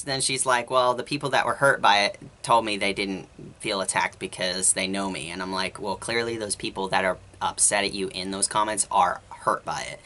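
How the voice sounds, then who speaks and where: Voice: low-pitched, steady tone, normal speed, hardly any pauses, sharp tone. A vlogger telling a long story in a rambling, exasperated way, often quoting both sides of an argument. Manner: rambling, exasperated, quotes others in conversation. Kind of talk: casual storytime rant.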